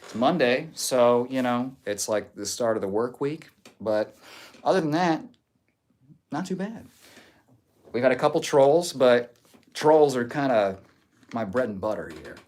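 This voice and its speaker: A man's voice: medium pitch, lively intonation, measured pace, long pauses, darkish tone. A man hosting a livestream, reading out viewer comments and answering trolls with dry, teasing sarcasm. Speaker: livestream host. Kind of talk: casual chat reading live comments.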